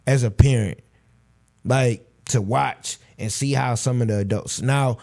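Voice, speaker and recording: Male host, 30s, animated storyteller in casual interview. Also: medium pitch, unhurried, vocal fry. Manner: animated storytelling, acts out quoted voices. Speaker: podcast host.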